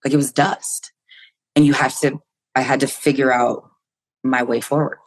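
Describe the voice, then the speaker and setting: A woman's voice: very deep voice, steady tone, moderate pace, a little hiss or hum. A woman in her fifties from the United States, speaking as a podcast guest. She tells a personal story candidly and vividly, voicing her own thoughts aloud and swearing freely along the way.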